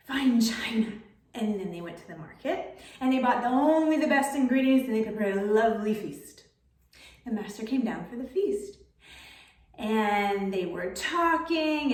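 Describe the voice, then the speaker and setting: A woman tells a folk story in a relaxed, chatty manner, slipping in little fillers. Her voice sits fairly high. The sound is roomy and the mic is some way off. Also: recorded from a distance. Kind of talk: spoken storytelling.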